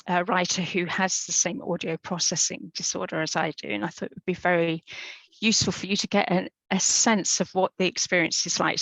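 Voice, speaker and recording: A woman's voice: on the low side, vocal fry, fairly bright tone, dry recording, rough recording. A woman giving an informal, chatty presentation in an online webinar over a video call microphone. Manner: informal, chatty, with fillers and restarts.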